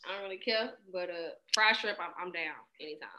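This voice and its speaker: A woman's voice: fairly low pitch, fast. A woman, co-hosting a casual chat and telling stories with lots of laughter. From Houston, Texas. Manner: animated storyteller, laughs often. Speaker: podcast co-host. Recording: echoey room.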